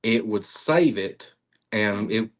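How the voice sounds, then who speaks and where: Low-voiced man telling a story. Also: takes it slowly. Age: middle-aged. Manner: animated storytelling, acts out quotes, laughs often. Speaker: interviewee, cryptid researcher. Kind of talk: storytelling interview.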